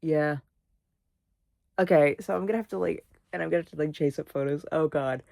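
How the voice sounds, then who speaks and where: Young woman, vlogger, sleepy, sniffly, rambling, swearing, dry close sound, low voice. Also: a little fast, gravelly, warm tone, no room sound. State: sleepy, yawning; sniffly, congested. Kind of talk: casual vlog chat.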